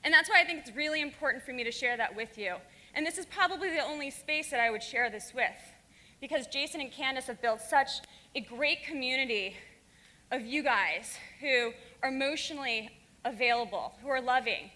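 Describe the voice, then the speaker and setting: A woman speaking on stage with a high, bright and forceful voice, fiery and blunt, swearing freely. The sound rings with the long reverb of a large conference hall. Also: brisk. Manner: fiery, frank and profane. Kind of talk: stage talk to a live audience.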